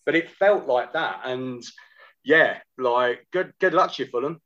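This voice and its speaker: A man's voice: mid-range voice, a little slow, sharp tone. Guy telling stories on a podcast, mid voice, kinda dull lo-fi sound. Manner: anecdotal storytelling with quoted asides. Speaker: podcast guest. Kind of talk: casual chat.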